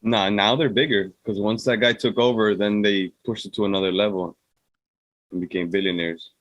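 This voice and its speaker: A man's voice: fairly even intonation, normal speed, fairly bright tone, no echo, lo-fi sound. A man co-hosting a podcast, joking casually about a movie's characters. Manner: joking, mimics characters in a high voice. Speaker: podcast co-host. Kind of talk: casual movie review chat.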